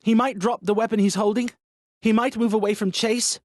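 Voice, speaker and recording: A woman's voice: on the high side, steady tone, fairly quick, no echo, studio quality, voice pushed up, close to an everyday voice. Viola, a man voicing a brave, urgent woman. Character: brave, determined young woman under pressure. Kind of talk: audiobook character voice.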